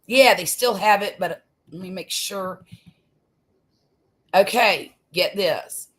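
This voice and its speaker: A woman's voice: medium pitch, slow pace, a bit bright. A woman, hosting a homey, chatty live stream from home, laughing easily and trailing off into fillers. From US Gulf Coast. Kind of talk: casual live-stream chat. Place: home room.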